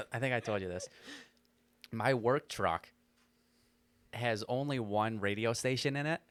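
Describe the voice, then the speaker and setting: A man's voice: mid-range voice, slow, long pauses, fairly bright tone, clear, resonant tone. A young American man co-hosting a podcast in easygoing casual chat, swearing now and then. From United States. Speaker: podcast co-host.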